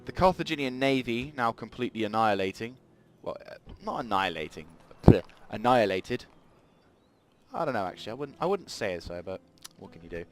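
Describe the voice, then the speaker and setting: A man's voice: mid-range voice, lively intonation, fast talker, few pauses, music in the background. A man giving rambling let's play commentary at a desk mic, thinking aloud as he plays. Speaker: gaming channel host.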